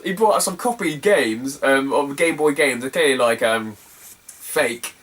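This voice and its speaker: A man's voice: mid-range voice, animated, a little slow, fairly bright tone, recorded from a distance. A man telling a story casually to camera, chatty and sweary with lots of fillers. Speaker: retro game collector vlogger.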